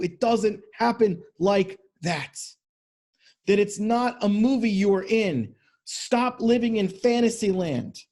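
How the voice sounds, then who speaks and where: A man's voice: high-pitched, a little mellow. Blunt, profane male podcast host. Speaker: podcast host and men's coach. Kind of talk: motivational podcast monologue.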